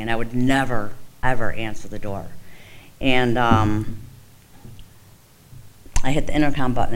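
A woman's voice: a bass voice, a little hiss or hum, rough recording. A woman telling her own recovery story in a frank, conversational way, with lots of "you know" and "like". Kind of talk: candid personal testimony.

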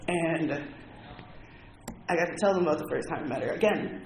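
A man with a fairly high voice gives a heartfelt, candid personal testimony to a roomful of people, talking loosely with lots of "like". The sound is echoey and carries a lot of background noise. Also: fairly quick. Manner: candid, heartfelt storytelling with frequent "like". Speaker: recovery meeting speaker. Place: meeting room with an audience. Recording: echoey, noisy room recording.

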